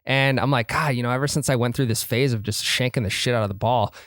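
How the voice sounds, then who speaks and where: Man, podcast co-host, lively and profane storyteller, mid-pitched, dry close mic. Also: fast talker, no echo. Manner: animated, swears freely, storytelling. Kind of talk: casual golf chat.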